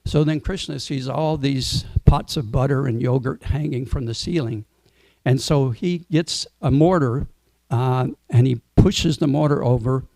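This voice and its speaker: A man telling a devotional story as a sermon, in a relaxed way and asking the audience questions. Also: mid-range voice, a little slow, gravelly, dry recording. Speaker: speaker at a temple Sunday program.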